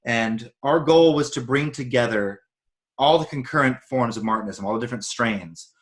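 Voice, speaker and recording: A man's voice: medium pitch, a bit bright. A man from Arizona, a podcast guest, explaining earnestly in casual conversation and speeding up when making a point. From Arizona, United States.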